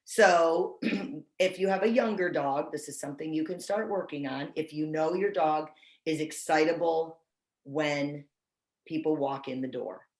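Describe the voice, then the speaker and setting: A woman's voice: sits low, unhurried, darkish tone, roomy sound, low-quality recording. A woman training service dog owners over a video call, chatty and self-deprecating, often restarting her sentences. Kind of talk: casual online training talk.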